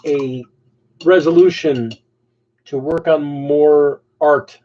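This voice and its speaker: A man's voice: fairly high pitch, steady tone, slow, mellow, a little hiss or hum. A man chatting casually as co-host on a livestream, teasing and playful. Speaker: co-host, husband. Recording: dull lo-fi stream audio.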